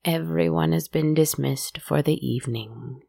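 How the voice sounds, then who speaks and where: A woman voicing a cruel, mocking witch who speaks in a slow, hushed croak. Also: deep voice, no room sound, clean studio sound, heavily acted. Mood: sly. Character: cruel mocking witch, hag shedding vermin.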